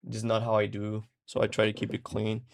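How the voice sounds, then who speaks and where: A man who works as a music producer and mix engineer, answering viewer questions in a casual, profane, laid-back way that turns animated when he tells stories. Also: fairly low pitch, a little fast, gravelly. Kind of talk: casual livestream Q&A.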